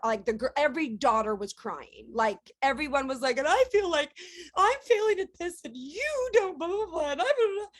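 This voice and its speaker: A woman in her forties, a guest on a radio interview, telling lively family stories with frequent laughter. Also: high-pitched. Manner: animated storyteller, laughs often. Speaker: singer and guest.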